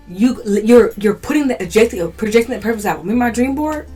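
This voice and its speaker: An animated woman co-hosts a casual conversation about faith. She talks emphatically and repeats key phrases to press her point, while soft music plays faintly behind her. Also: a little high, fast talker, breathy edge. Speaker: co-host.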